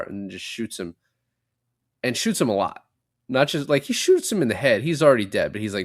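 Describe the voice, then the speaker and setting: Speaking fairly quickly in a fairly low voice, a young podcast co-host gives an animated, profanity-heavy recap of a movie, acting out lines as he goes scene by scene. The recording is dry and studio clean.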